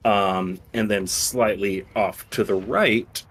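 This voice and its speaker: A man's voice: on the low side, fairly even intonation, slow pace, fairly bright tone, husky. A young man co-hosting a casual stream chat, rambling and laughing often, swearing freely as he tells a game story. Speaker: stream co-host.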